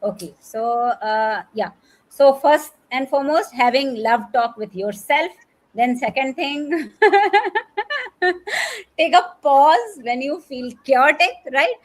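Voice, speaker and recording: A woman with a slightly higher voice hosts a conversational podcast. She gropes for her words with restarts and fillers and laughs easily between questions. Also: lively intonation, slow pace. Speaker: podcast host. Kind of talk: conversational interview.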